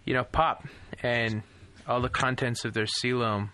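A man's voice: medium pitch, flat delivery, unhurried, bright, forceful tone. A man co-hosting a casual podcast, talking in a dry, sardonic way. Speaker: podcast co-host. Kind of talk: casual chat, reading film credits.

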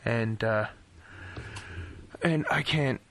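A man's voice: mid-range voice, very slow, fairly bright tone, dry recording. A man co-hosting a casual podcast, talking in a dry, sardonic way. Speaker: podcast co-host. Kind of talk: casual chat, reading film credits.

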